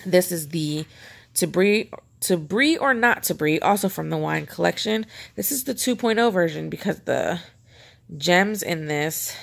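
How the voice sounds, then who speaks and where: A woman's voice: fairly low pitch, animated, measured pace, vocal fry. A woman vlogger chatting casually and rambling as she shows off her pen collection at home, self-mocking and chatty. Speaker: planner vlogger. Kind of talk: casual show-and-tell chat.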